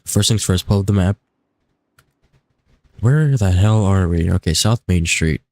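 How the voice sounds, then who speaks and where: Groggy deep-voiced man streaming a game. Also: a little slow, a little mellow, no echo. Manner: casual, rambling, self-talk while playing. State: groggy just-woke-up morning voice. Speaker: livestreamer. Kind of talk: live gameplay commentary. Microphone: desk streaming mic.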